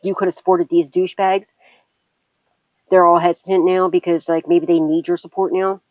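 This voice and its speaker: A woman's voice: fairly low pitch, little pitch movement, moderate pace, a little mellow, slight background noise, low-quality recording. A woman psychic tarot reader giving a rambling, profane spiritual reading.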